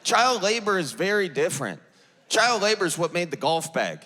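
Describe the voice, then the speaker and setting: A man's voice: a little high, big pitch swings, moderate pace, in a large hall, heavy background noise. A man from the American Midwest with an Upper Midwest accent, performing a stand-up comedy set and acting out people in dialogue. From Midwest United States. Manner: self-deprecating, acts out characters in dialogue. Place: large theater stage with audience.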